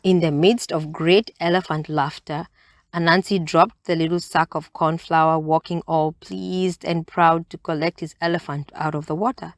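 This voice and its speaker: A woman reading a children's bedtime story aloud, in a gentle and expressive way. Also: low-pitched, normal speed, no echo, clean studio sound.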